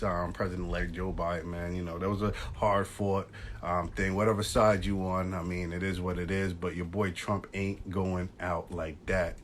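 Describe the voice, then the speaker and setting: A man hosting a casual live stream chat, talking in loose slang and shouting out viewers as they join. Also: deep voice, slight background noise. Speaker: podcast host. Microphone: phone live stream.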